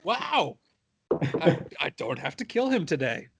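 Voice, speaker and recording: A man voicing a sly male dark elf mercenary leader in a tabletop game, in a casual, wry way. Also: a little high, very animated, a little slow, voice pushed up, full character voice.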